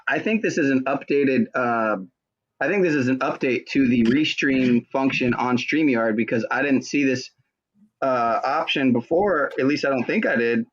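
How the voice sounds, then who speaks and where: A man with a mid-range voice hosts a casual livestream, stumbling and correcting himself as he talks. His audio comes through dull and lo-fi, with the highs rolled off. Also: a bit bright, a little hiss or hum. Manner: halting, self-correcting. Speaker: host.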